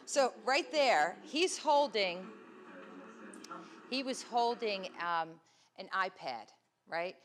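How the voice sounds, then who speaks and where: A woman's voice: medium pitch, expressive, takes it slowly, long pauses, fairly bright tone. Woman presenter chatting through video clips. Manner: conversational, checks in with frequent "right?". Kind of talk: explaining video clips to an audience. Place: presentation room with an audience.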